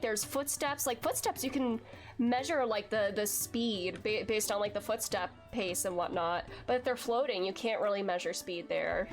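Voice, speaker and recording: A woman streaming a video game while sick, chatting casually and rambling with lots of "like.". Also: on the high side. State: sick, saving her voice. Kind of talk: casual gaming commentary.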